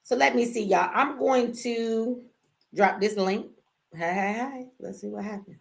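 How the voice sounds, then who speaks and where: A woman's voice: on the high side, measured pace, creaky. An American woman hosting a livestream, talking casually to her chat in a brash, profane, teasing way and laughing often. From United States. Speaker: livestream host.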